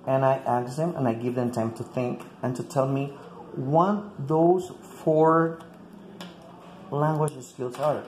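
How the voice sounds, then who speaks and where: A male English teacher with a mellow, dark, mid-range voice speaks slowly and in a steady tone, explaining a classroom activity to fellow teachers step by step. He sprinkles in "like" frequently and repeats words. Faint ambient noise and echo fill the room.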